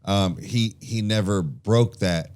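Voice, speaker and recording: A man's voice: lowish voice, slow pace, darkish tone. A man co-hosting a podcast in casual chat, rambling with frequent restarts and casual swearing. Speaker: podcast co-host.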